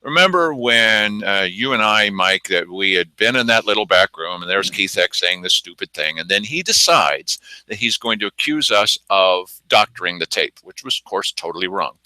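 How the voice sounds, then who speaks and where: A man's voice: on the low side, animated, normal speed, few pauses, bright, forceful tone, dry recording, low-quality recording. A man hosting an opinionated news commentary, indignant and sarcastic, mocking the people he quotes. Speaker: news show host.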